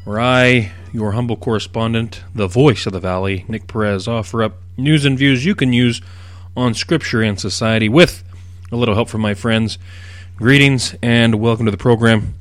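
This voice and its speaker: A middle-aged man hosting a radio Bible teaching program, explaining at a measured pace and leaning hard on key words. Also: medium pitch, dry recording. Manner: measured, explanatory delivery with emphatic stresses.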